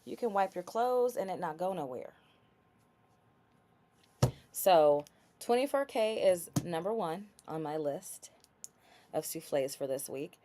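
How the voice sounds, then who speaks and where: A woman's voice: lowish voice, mellow. A woman hosting a casual livestream, chatty and playful as she shows body care products and talks straight to viewers.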